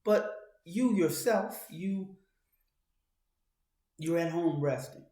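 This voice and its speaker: A man's voice: a little high, drawn-out words, roomy sound. A man giving a spoken commentary, talking straight to the listener and often restarting his phrases. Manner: talks to the listener in second person, many restarts; grows louder and more urgent as he goes. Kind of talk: monologue commentary.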